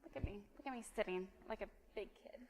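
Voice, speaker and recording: A woman giving an informal sermon, chatty with many fillers, then softly counting a congregation through a breathing exercise in church. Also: medium pitch, fast talker, slight background noise. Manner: soft counting during breathing. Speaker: preacher. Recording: reverberant church hall.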